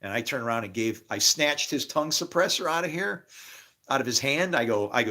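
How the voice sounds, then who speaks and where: Bright-voiced profane rambling man. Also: lowish voice, fast talker. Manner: profane, excitable, preachy outbursts. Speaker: guest. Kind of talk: rambling storytelling monologue.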